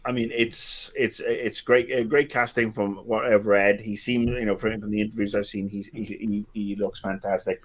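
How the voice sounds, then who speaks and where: A man's voice: lowish voice, fairly even intonation, normal speed, hardly any pauses. Joking middle-aged man, casual podcast chat. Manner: joking, sarcastic, many restarts and fillers. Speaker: podcast co-host.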